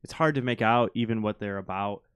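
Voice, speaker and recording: A man's voice: on the low side, a little fast, a bit bright, clear, resonant tone, no room sound, studio quality. A man running a tabletop game as game master, narrating and laughing often.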